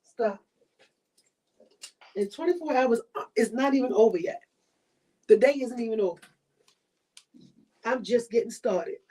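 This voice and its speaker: A woman's voice: a little high, a little slow, long pauses, warm tone. Emphatic woman podcast host, preaching. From Baltimore. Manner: preachy, emphatic, repeats points. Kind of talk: motivational monologue.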